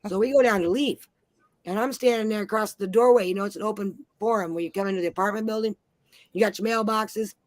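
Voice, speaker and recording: A woman's voice: mid-range voice, fast talker, dry recording. A woman in her forties telling brash, profane stories in a casual chat. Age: 40s. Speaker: panel host.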